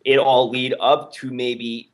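A man's voice: medium pitch, level tone, slow pace. A man co-hosting a podcast in casual chat, rambling and hesitant, with many fillers. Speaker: podcast co-host.

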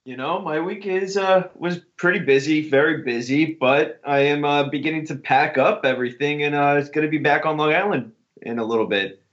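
A man's voice: on the high side, a little fast, few pauses. Easygoing man co-hosting a podcast. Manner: relaxed and easygoing, with fillers. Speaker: podcast co-host. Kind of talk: casual chat. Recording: dull lo-fi recording.

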